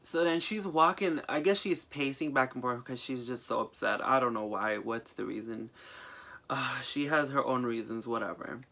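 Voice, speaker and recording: Young man, bright tense tone, profane, animated, storytelling vlog. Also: medium pitch, normal speed. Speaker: vlogger. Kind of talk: casual story time.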